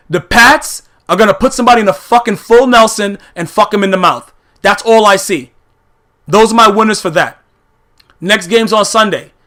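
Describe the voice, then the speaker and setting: A man's voice: high voice, pushed and bright. A man giving a heated, profane recap of football games, blunt and full of filler phrases. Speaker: YouTube sports commentator.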